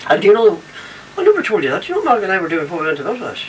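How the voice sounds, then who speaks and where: A man's voice: sits high, huge pitch swings, rapid-fire. An older man, a retired variety singer, rambling through memories and jokes and acting out the voices. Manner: rambling storyteller who acts out voices in jokes. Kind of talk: casual reminiscing and joke telling. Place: home trailer. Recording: distant home recording with light noise.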